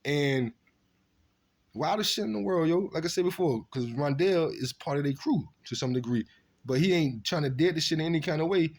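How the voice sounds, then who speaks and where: A man casually telling stories from his past, animated and profane, acting out what people said. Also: a little high, normal speed. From Virginia. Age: adult. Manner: animated, profane street storytelling with acted-out quotes. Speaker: storyteller recounting his past. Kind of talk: casual storytelling monologue.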